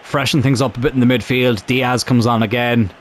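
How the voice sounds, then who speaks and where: A young man commentating on his own football video game career, calm one moment and shouting the next. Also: mid-range voice, fairly quick, slight background noise. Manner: excitable, shouts at big moments. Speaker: gaming YouTuber.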